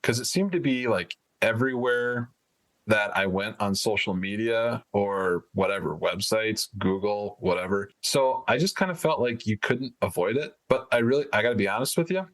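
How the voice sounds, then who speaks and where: A man's voice: lowish voice, normal speed, a bit bright. A man co-hosting a podcast in casual chat, rambling and hedging as he talks. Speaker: podcast co-host.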